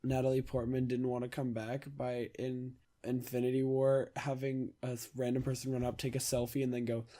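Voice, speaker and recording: A man's voice: mid-range voice, completely flat delivery, fairly quick, few pauses, mellow. Blunt opinionated man on a podcast. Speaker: podcast co-host. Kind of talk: casual chat.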